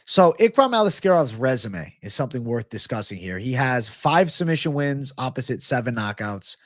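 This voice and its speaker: A man's voice: medium pitch, sing-song, moderate pace, no room sound, studio quality. Profane, hyped man hosting a livestream. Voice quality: profane, hyped, chatty, reacts aloud to live chat. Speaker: livestream host giving betting picks. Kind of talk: casual livestream chat.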